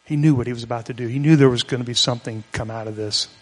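A pastor giving a conversational, explanatory sermon, retelling a scripture story in plain everyday words. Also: male voice, mid-range voice, rapid-fire. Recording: long hall reverb.

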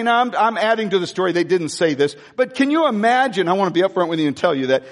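Animated storytelling preacher man in a reverberant hall. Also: sits high, fast, hardly any pauses. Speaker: pastor. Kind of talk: sermon.

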